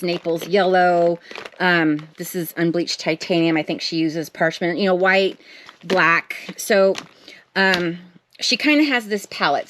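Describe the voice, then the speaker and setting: A woman chatting to camera from her home art table, rambling and self-deprecating with lots of fillers. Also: fairly low pitch. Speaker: art vlogger. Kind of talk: casual chat to camera.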